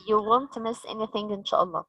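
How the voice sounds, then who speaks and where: A woman with an Egyptian accent leading a teacher training session, slow and patient, asking the group questions. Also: medium pitch, sharp tone, husky, no echo, rough recording.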